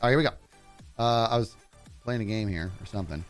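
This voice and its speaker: A man streaming a game live, telling excitable stories to his chat and narrating his play, his voice turning growly when he gets loud. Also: on the low side, quick pace, faint music behind. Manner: excitable storyteller, talks to chat while playing.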